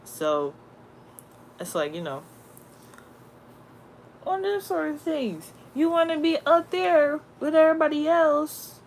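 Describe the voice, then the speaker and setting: A woman in a casual, slang-filled spiritual talk, rambling and animated as she tells stories. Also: sits high, slow, long pauses, a little hiss or hum. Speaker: spiritual content creator.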